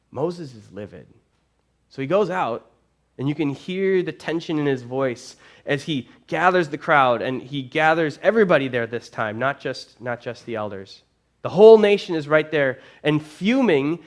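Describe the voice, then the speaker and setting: A man preaching a sermon as a pastor, retelling a story with animated, casual phrasing. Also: on the high side, a little slow. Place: church.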